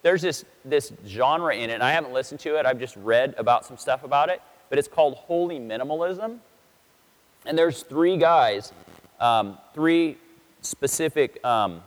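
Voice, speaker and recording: Male pastor, mid-pitched, chatty sermon, acts out dialogue; long hall reverb. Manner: chatty storytelling, acts out quotes in voices. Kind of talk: casual sermon.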